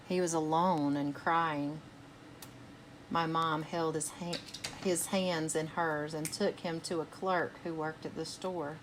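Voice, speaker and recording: A woman reads a children's picture book aloud in a slow, unhurried way, with a fairly low voice. She is gentle and stops to put soft questions to young listeners. A faint hiss of noise sits under the recording. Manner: gentle, asks listeners questions between passages. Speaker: children's storytime reader.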